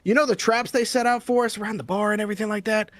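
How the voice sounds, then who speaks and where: A man's voice: high-pitched, steady tone, quick pace, fairly bright tone, voice pushed up. A man voicing a brash showman telling stand-up jokes in a tavern, with a hammy punchline delivery. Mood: hamming it up.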